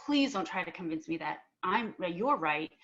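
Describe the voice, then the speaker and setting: A woman's voice: on the low side, expressive, moderate pace, fairly bright tone, lo-fi sound. A young adult woman on a panel, earnestly telling a personal story and acting out both sides of an argument, with filler words and restarts. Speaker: panel speaker.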